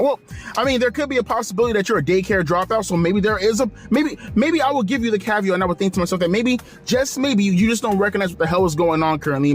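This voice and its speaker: A man's voice: sits high, lively intonation, fast talker, soft background music. A man hosting a video, ranting with exasperation and profanity and repeating himself. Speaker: wrestling commentary video host. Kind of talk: angry rant vlog.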